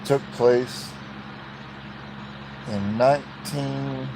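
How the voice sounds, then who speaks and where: A man's voice: medium pitch, steady tone, drawn-out words, noisy background. A man telling a personal story in a folksy, plain-spoken way.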